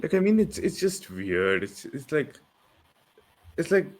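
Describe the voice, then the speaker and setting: Young man, animated voice, stammers, repeats words, casual review chat. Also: a little high, a little slow. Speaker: co-host reviewer.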